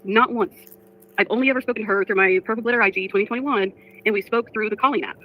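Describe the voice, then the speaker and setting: A woman's voice: medium pitch, fast. A woman livestreamer talking casually to her chat, frustrated, reading comments aloud. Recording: dull lo-fi stream audio.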